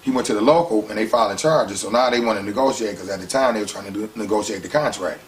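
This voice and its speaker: A man's voice: lowish voice, fast. Slangy man telling his story, distant mic. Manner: animated, slangy, heats up when retelling conflicts. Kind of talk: casual storytelling interview.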